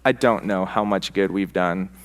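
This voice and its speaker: A man's voice: deep voice, normal speed. A man, a rector, telling a story at a church forum, acting out the quoted dialogue with animation.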